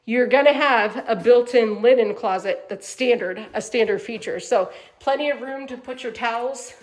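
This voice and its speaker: A woman's voice: fairly high pitch, normal speed. A woman hosting a walkthrough tour inside a manufactured home, chatty and upbeat as she talks straight to viewers, tired at the end of a long day. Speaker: home sales host giving a tour.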